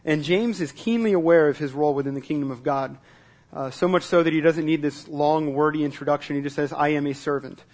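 A man preaching a sermon in a relaxed, conversational way at a church service, repeating words as he starts sentences and asking the congregation questions. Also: a little high, fairly quick. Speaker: pastor.

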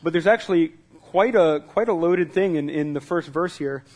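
A man preaching a sermon in a relaxed, conversational way at a church service, repeating words as he starts sentences and asking the congregation questions. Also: on the high side, normal speed. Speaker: pastor.

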